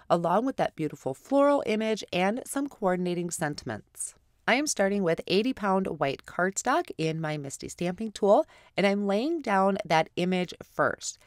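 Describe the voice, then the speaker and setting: A woman's voice: on the low side, dry recording, studio quality. A woman hosting a card-making tutorial, narrating each step with a stuffy nose from a head cold. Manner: apologetic, step-by-step explaining. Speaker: card-making channel host. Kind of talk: crafting tutorial voice-over.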